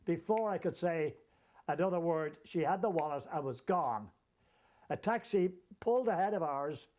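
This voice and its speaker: A man telling a comic travel anecdote as a storyteller, lively and chuckling along as he goes. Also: on the high side, moderate pace. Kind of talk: comic anecdote told to an audience.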